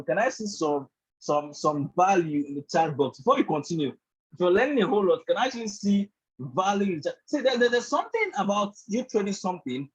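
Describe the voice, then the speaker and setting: A man teaches a trading bootcamp over a group call, his voice pitched high and a little raspy. He fills his talk with "actually" and keeps checking in with the class. The call audio sounds dull and lo-fi. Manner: repeatedly checks in with "do you understand?" and "right?"; leans heavily on "actually" and "all of that". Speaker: trading instructor.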